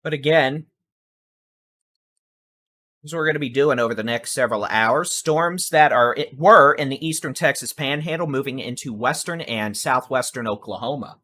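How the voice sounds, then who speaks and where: A man with a bright, forward voice talks through live severe weather coverage. He speaks in a mid-range pitch, conversational and reassuring, stressing key points for the viewers he calls folks. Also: normal speed. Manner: addresses viewers directly as folks. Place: home studio with air conditioner.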